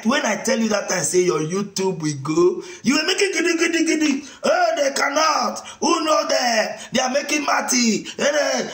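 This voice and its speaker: Nigerian male preacher, taunting rant with shouted outbursts, high animated pitch. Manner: taunting, mocking, bursts of shouting. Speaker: online preacher. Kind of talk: mocking rant to camera. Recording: echoey room.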